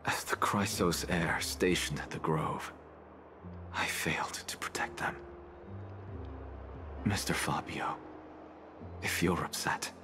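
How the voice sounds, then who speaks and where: An actor playing a solemn male scholar who speaks in a measured, hushed, grave way in game dialogue. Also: sits low, whispered, heavily acted.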